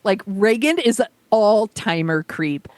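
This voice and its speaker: A woman's voice: medium pitch, animated, a little slow, a little mellow, no echo. A woman co-hosting a podcast in casual chat, ranting bluntly and emphatically. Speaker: podcast co-host.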